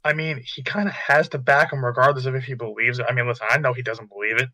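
A man's voice: medium pitch, fairly even intonation, quick pace, pushed and bright, no room sound. A man co-hosting a casual sports podcast, stumbling and repeating words as he talks. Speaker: podcast co-host.

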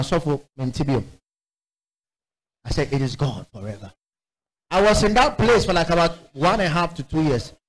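Male preacher, high and very animated, sermon storytelling with acted-out voices. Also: poor audio. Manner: animated storytelling, acting out voices with sudden high-pitched exclamations.

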